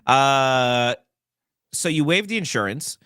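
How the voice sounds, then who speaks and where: A man hosting a political commentary talk show, talking in an animated, rambling way with many asides. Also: medium pitch, takes it slowly, clear, resonant tone, dry recording, studio quality. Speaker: host.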